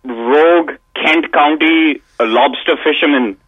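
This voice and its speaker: A man's voice: fairly high pitch, a little slow, breathy edge, phone-quality sound. A male caller ranting at the hosts of a radio show and mocking them. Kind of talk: call-in rant on a radio show.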